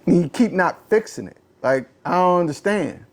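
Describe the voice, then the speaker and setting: A man hosting a casual political talk show, ranting in an animated, exasperated way, often repeating phrases and swinging from low muttering to a raised voice. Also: moderate pace. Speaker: podcast host. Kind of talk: casual political commentary rant.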